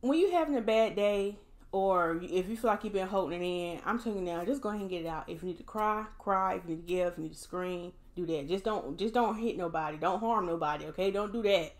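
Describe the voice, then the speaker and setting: Woman, lowish voice, casual heartfelt vlog talk, candid, encouraging, emotionally drained. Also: fast talker. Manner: candid and encouraging, addresses viewers directly. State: emotionally drained after a hard day. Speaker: vlogger.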